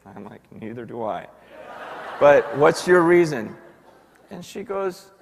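A man, a pastor, preaching a sermon and telling a story in quoted voices, swinging from hushed to loud. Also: a little high, big pitch swings, slow pace, vocal fry, long pauses. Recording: long hall reverb.

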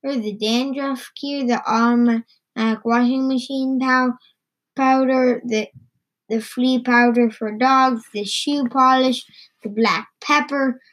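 A woman reading a children's story aloud in a halting way, often stumbling and repeating words. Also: high voice, fairly even intonation, fairly bright tone, poor audio. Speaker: reader.

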